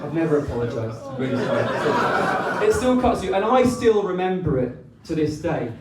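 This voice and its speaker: A man giving a teasing wedding speech, pausing often with ums. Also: high voice, sing-song, a loud crowd, very noisy. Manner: teasing, with many ums and pauses. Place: wedding reception hall. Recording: echoey room, mic from far off.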